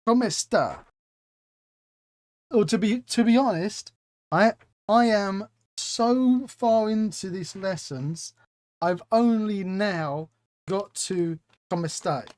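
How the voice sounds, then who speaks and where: A man's voice: sits high, slow, darkish tone, dry recording. A man hosting a live stream, chatting casually and reading out chat with self-mocking humor. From England.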